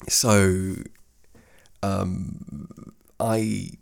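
Podcast host: middle-aged man, faded Australian accent, low gravelly voice, rambling with many restarts, home studio mic. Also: little pitch movement, drawn-out words. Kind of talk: casual solo podcast monologue. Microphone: studio microphone.

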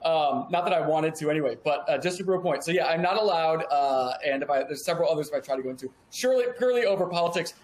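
Male guest, 30s, lively storyteller with a crude streak, voice a touch high, recorded in an echoey room. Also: racing, few pauses. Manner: animated storyteller, profane, acts out dialogue. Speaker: podcast guest. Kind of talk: casual interview chat. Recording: echoey room with faint background hum.

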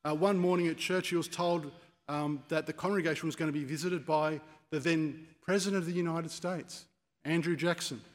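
A man's voice: on the high side, steady tone, moderate pace. A man preaching a sermon, telling stories and acting out quoted speeches with rising force. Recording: long church reverb.

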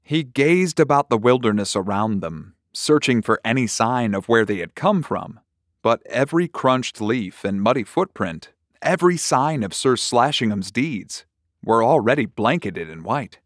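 A man narrating a short story in a slow, measured, deliberate reading. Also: mid-range voice, lively intonation, no echo, studio quality.

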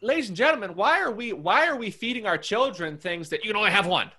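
A man's voice: sits high, animated, fast talker, sharp tone. A man co-hosting a podcast, talking in an earnest, preachy way and repeating his points. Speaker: podcast co-host. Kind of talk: casual podcast chat.

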